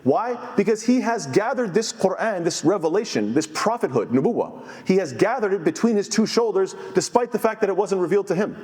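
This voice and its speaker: Earnest male imam preaching, slightly high-pitched, in a reverberant masjid hall. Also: lively intonation, a little fast, few pauses, darkish tone. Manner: earnest, quotes Arabic scholars then translates. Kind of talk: sermon.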